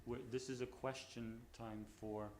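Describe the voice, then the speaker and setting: A man's voice: medium pitch, little pitch movement, a little slow, darkish tone, slight background noise. A man serving as mayor, chairing the council meeting firmly and stumbling over repeated words.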